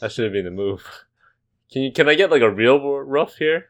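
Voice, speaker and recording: A man's voice: mid-range voice, expressive, a bit bright. A man hosting a casual sports podcast, joking around, laughing easily and rattling off stats. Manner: jokey, laughs easily, rapid-fire stats. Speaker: podcast host.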